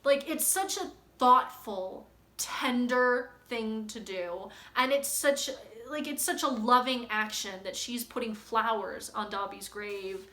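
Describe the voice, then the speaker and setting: A young woman chats casually about a book she loves, gushing and rambling with lots of likes and ums. Her voice is bright and sits a little high. The room around her is echoey. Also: slow pace. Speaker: book vlogger. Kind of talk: casual book chat reading passages aloud.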